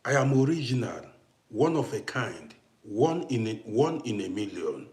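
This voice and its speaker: A man's voice: lowish voice, very animated, normal speed. African man live-streaming, roomy sound. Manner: talks to viewers in chat, grows heated and loud answering a critic. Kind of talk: casual live-stream chat. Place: home in Austria.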